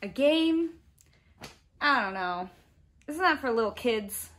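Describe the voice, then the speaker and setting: A woman voicing a playful female friend in a skit within a kids' music lesson, who hesitates and then gets excited. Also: a little high, slow. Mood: reluctant. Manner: hesitant, skeptical, then bursting with enthusiasm.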